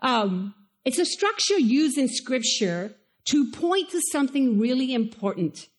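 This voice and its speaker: A woman pastor with a Spanish accent, preaching a sermon in a conversational, animated way and asking the listeners questions. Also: sits high, unhurried. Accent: Spanish-accented English.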